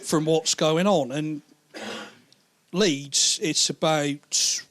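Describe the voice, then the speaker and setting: A man's voice: a little high, extremely slow, fairly bright tone. A man telling a rambling, sweary story as a stand-up comedian in a comedy club. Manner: sweary, rambling, voices many characters.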